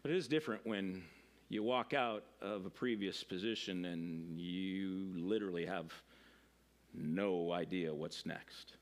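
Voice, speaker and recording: A man's voice: deep voice, measured pace. A middle-aged man, a pastor, giving a conversational sermon, full of fillers, restarts and asides to the congregation.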